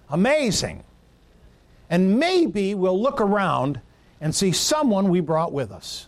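A man's voice: high voice, big pitch swings, takes it slowly. A man preaching a sermon to his church, earnest and building through lists and repeated phrases. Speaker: pastor.

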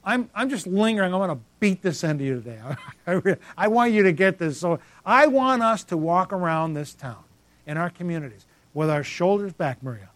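A man's voice: high voice, expressive, normal speed, no echo. A man preaching a sermon as pastor, emphatic and repetitive, calling out congregants by name.

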